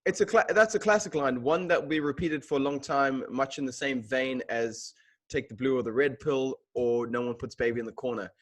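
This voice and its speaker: A man's voice: mid-range voice, a little fast. A man hosting a casual video-call interview, chatty and full of jokes. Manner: joking, chatty banter. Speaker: interview host.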